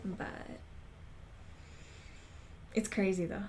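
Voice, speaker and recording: A woman's voice: medium pitch, steady tone, extremely slow, mellow, a little hiss or hum. A woman streamer chatting casually while gaming, rambling and laughing often. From Texas.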